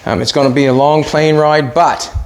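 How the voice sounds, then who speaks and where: A man's voice: fairly high pitch, fairly even intonation, moderate pace. A middle-aged man hosting a casual workshop vlog, chatty and talking to himself as he works. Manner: chatty, talks to himself while working. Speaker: host and car builder.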